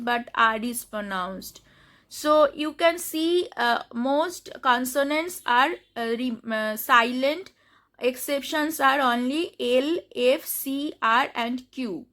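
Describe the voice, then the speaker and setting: A French teacher with an Indian accent delivers a spoken lesson, repeating every example word twice. She has a high, bright voice and speaks slowly, with plenty of fillers and restarts.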